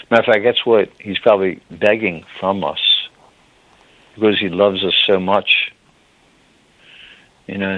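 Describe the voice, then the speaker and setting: Choked with emotion, a low-voiced male preacher earnestly addresses his audience as beloved again and again. The sound has no echo and is dry, with a narrow, phone-like quality.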